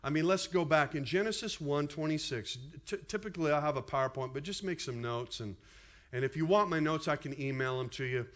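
Pastor, male, 50s, high voice, chatty sermon delivery, slightly dull recording. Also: fairly quick. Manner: animated, conversational preaching with asides.

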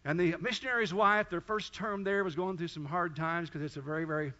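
A man's voice: high voice, fairly even intonation, a little fast, sharp tone, dull audio. A man pastor preaching a sermon, telling a story and then rising into fervent, pleading prayer.

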